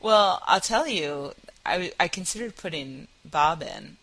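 A woman's voice: lowish voice, lively intonation, measured pace, fairly bright tone, breathy edge, poor audio. A woman co-hosting a podcast, chatting casually in a playful, teasing way and laughing often. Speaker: podcast co-host.

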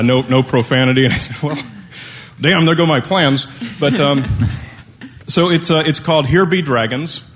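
Man with dry humor pitching his film. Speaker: guest podcaster and filmmaker. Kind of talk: speaking to a live audience.

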